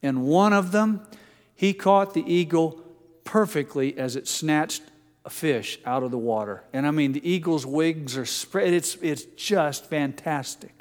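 An older man preaching a sermon, telling stories gently and dropping soft and low for quotes. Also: a little slow, in a large hall. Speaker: pastor.

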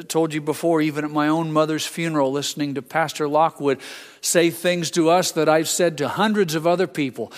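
Older male pastor preaching in a reverberant hall. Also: fairly high pitch. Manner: conversational preaching with frequent restarts and asides. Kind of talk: sermon.

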